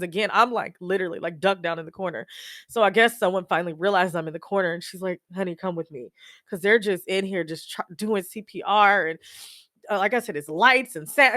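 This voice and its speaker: A woman's voice: mid-range voice, fairly bright tone, dry recording, studio quality. A woman podcast host telling a personal story with emotion, talking straight to her listeners. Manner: emotional, addresses listeners as y'all.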